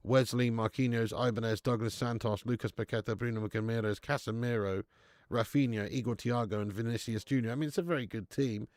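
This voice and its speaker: A man's voice: mid-range voice, steady tone, fairly quick, few pauses, darkish tone, no room sound, studio quality. A man hosting a live football watch-along, chatting casually, bantering with viewers and swearing now and then.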